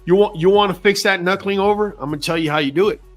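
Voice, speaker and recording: A man's voice: high voice, quick pace, soft background music. A man hosting a casual livestream as a dog breeder, blunt and slangy, talking straight to his viewers.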